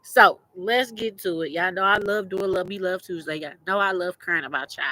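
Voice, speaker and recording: A woman's voice: lowish voice, moderate pace, pushed and bright, a little hiss or hum, poor audio. A young adult woman, hosting a podcast and speaking teary-eyed, blunt, profane and rambling, with many restarts. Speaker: podcast host. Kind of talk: casual motivational monologue.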